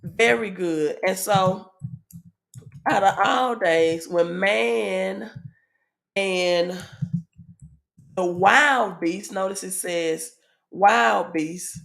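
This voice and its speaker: A woman's voice: mid-range voice, extremely slow, creaky, long pauses, fairly bright tone. A woman with a Southern US accent giving a casual spiritual teaching, with frequent "um" fillers and checks of "right?" to her audience. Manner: asks the audience "right?" often.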